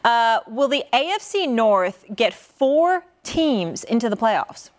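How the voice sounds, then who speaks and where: A woman hosting a sports debate show, reading stats briskly and teasing her panel. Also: a little high, sing-song. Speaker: host.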